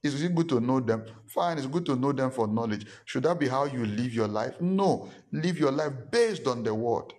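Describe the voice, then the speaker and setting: A man's voice: mid-range voice, expressive, moderate pace, few pauses, a little mellow. A man preaching a sermon as a pastor. He talks emphatically, repeats his points and acts out the people he quotes.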